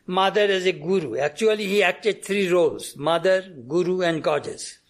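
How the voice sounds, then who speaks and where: A man's voice: high voice, measured pace. A man giving a devotional talk, telling anecdotes and acting out bits of dialogue, coughing often, with frequent restarts. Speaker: spiritual speaker.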